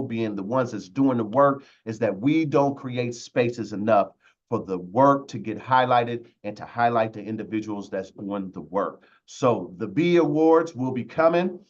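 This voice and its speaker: A man hosting a webinar with lots of energy, giving shout-outs in a loose, slangy way over a video call. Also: medium pitch, moderate pace, highs cut off. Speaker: webinar host.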